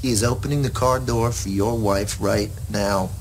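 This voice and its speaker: A man's voice: on the low side, steady tone, normal speed, slight background noise, lightly acted. A man playing a brash young ladies' man. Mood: cocky. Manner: brash, lecturing. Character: smooth cocky young ladies' man coaching another man.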